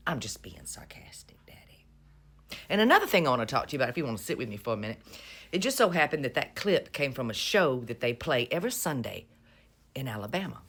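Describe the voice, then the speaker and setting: A woman talks straight to camera in a loose, mocking vlog rant. Her pitch swoops up and down all the time. She drawls and teases, with a sarcastic bite. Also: fairly bright tone. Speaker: vlogger. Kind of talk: casual political commentary.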